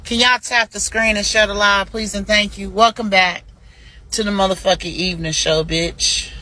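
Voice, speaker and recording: A woman hosting a livestream, delivering a heated, profanity-laced rant that swings between shouting and mocking asides. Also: medium pitch, fairly even intonation, moderate pace. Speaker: livestream host.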